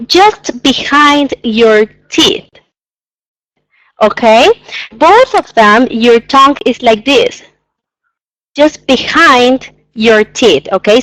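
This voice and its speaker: Woman, English teacher, pronunciation drill, very slow, slightly high voice, dry sound. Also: a bit bright, no room sound, low-quality recording. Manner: patient, repeats sounds slowly and exaggerates them. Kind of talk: pronunciation lesson.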